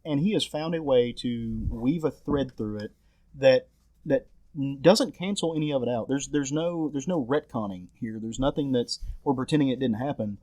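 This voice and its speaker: A man's voice: medium pitch, normal speed, warm tone. A man hosting a casual podcast chat about comics, enthusiastic and prone to restarts. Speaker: podcast host leading the discussion.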